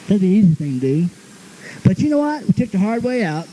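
High, thin-voiced folksy preacher man. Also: quick pace, slight background noise, rough recording. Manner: folksy storytelling, lively, laughs often. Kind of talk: sermon.

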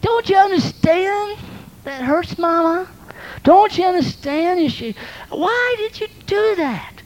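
A woman preacher voicing an exasperated mother who fires sharp, repeated reproachful questions at her child, her voice pushed up high and tight. The scolding stays pointed and impatient throughout. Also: animated, slow, full character voice, low-quality recording.

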